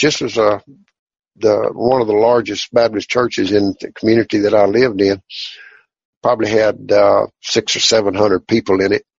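A man tells his religious testimony in a folksy, plainspoken, halting way, on a dull lo-fi recording. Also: lowish voice, gravelly, breathy edge, no echo. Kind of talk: personal testimony storytelling.

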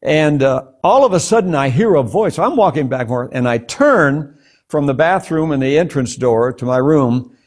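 A man's voice: fairly high pitch, lively intonation, moderate pace, darkish tone. An older man, a guest preacher, telling a personal testimony in an interview, earnest and prone to stumbling over repeated words. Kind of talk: testimony in a talk show interview.

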